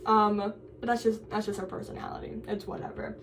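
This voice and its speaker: A woman's voice: medium pitch, steady tone, brisk, creaky, recorded from a distance, slight background noise, poor audio. A young woman in college chatting casually for her vlog, rambling with lots of fillers and restarts. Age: young adult. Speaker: college vlogger.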